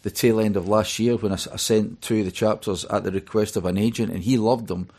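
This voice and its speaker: A man's voice: on the low side, fairly even intonation, fairly quick, darkish tone. A middle-aged Scottish man, a guest in an interview, telling rambling stories full of fillers. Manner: chatty storyteller, rambling with many fillers. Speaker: author and DJ guest. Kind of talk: radio interview.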